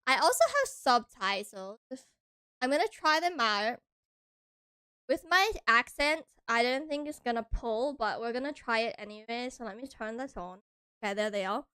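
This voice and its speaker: A young woman with an American accent chats playfully with her stream viewers, giggling often. Her voice sits high, and the recording is dry and close with no room sound. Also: lively intonation, moderate pace, pushed and bright, clean tone, no room sound. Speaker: vtuber streamer. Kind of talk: casual chat stream.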